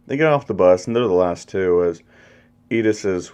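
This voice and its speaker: A man's voice: low-pitched, normal speed, a little mellow, clear, resonant tone, dull audio. A young man casually narrating a fan story, rambling along and swearing now and then.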